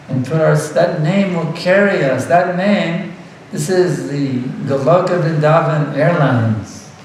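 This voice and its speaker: A man delivers a devotional lecture in an earnest way, leaning on repeated words and breaking into light laughs. His voice sits a bit high. He is picked up from a distance in a very echoey room with faint background noise. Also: darkish tone. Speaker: spiritual teacher.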